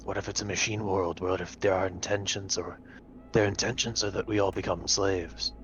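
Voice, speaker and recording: A man's voice: steady tone, moderate pace, highs cut off, slight background noise. A man voicing a huge grim creature through a voice changer. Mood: ominous. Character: grown-up hulking creature in mechanical suit. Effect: voice changer deepening the voice. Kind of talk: tabletop role-play in character.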